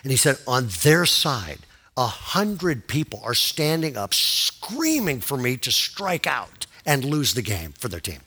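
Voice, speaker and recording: A male pastor telling a story in a sermon, animated, dropping to a hush and rising to loud excitement. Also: medium pitch, measured pace, husky.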